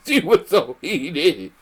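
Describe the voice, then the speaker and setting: Lively, laughing man recapping TV. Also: fairly high pitch, very slow, slight background noise. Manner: animated, breaks into frequent laughter. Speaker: reality TV reviewer. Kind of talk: casual recap commentary.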